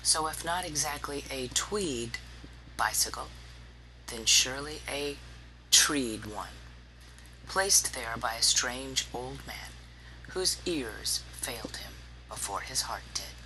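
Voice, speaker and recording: A narrator reading a story aloud in a slow, hushed, often breathy way. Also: mid-range voice, expressive, slight background noise, low-quality recording.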